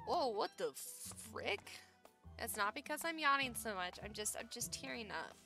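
A woman's voice: fairly high pitch, lively intonation, unhurried, creaky, pauses often, pushed and bright, soft background music. A young woman streaming a game, chatting playfully with her chat in cutesy slang. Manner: playful, cutesy slang, often laughs and yawns. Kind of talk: casual gameplay commentary.

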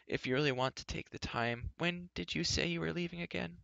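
A man's voice: mid-range voice, lively intonation, moderate pace, fairly bright tone, no echo, lo-fi sound, lightly acted. A man voicing Gwistle, a fretful old man who mumbles vaguely and tremulously. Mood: mumbling.

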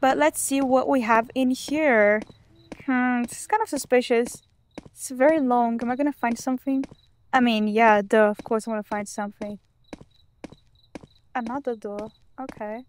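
High-voiced woman narrating a horror game. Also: steady tone, moderate pace, a little hiss or hum. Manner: chatty, jumpy, talks to herself. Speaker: gamer. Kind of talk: let's play commentary.

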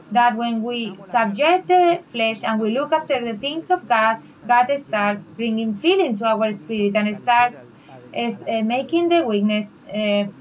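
A woman preaching a fervent sermon in halting English, raising her voice when she quotes Bible figures. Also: high-pitched, fairly bright tone, poor audio. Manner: halting, non-native English with restarts.

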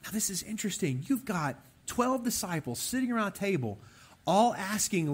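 A young man preaching a conversational sermon, animated and speaking directly to the men listening. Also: high-pitched, normal speed, slightly rough. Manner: animated, talks straight to the men in the room.

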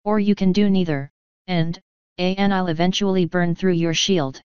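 A woman's voice: on the low side, steady tone, moderate pace, a little mellow, clean tone, no room sound, natural voice. A woman voicing a young female pony mage, shaky but determined and pleading, in a slightly dull, dry recording.

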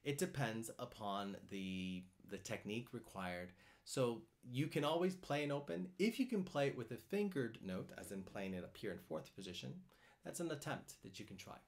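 Rambling, animated man answering viewer questions. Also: medium pitch, normal speed. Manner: rambling, repeats words, reads out comments and greets viewers. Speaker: cello teacher hosting a live stream. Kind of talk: casual live-stream chat answering viewer questions. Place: home in France.

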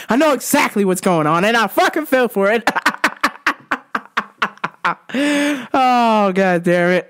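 A woman's voice: mid-range voice, lively intonation, slow, a bit bright. A woman telling a comedic story on her vlog, cursing, laughing often and acting out the people in it. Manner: profane, laughs often, acts out scenes. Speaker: vlogger.

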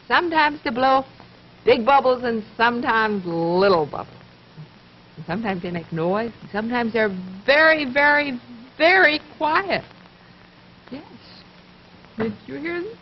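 A woman hosting a children's television show, speaking gently to young viewers, asking questions and pausing for answers, and reading poems aloud. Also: on the high side, a little hiss or hum. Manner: gentle, coaxing, asks questions and pauses for answers. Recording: dull lo-fi 1950s television recording.

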